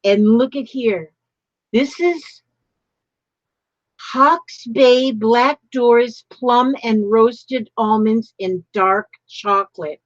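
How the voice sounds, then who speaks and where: A woman's voice: fairly high pitch, no room sound, lo-fi sound. An older woman chatting casually while opening happy mail, gushing and exclaiming often. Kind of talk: casual live-stream chat.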